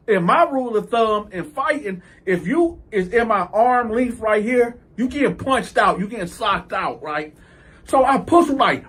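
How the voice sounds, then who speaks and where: A man with a husky, fairly high voice spins a casual story to camera. He swings his pitch all over and acts out every scene with plenty of swearing. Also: normal speed. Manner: animated, profane, acts out the scenes. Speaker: storytelling video host.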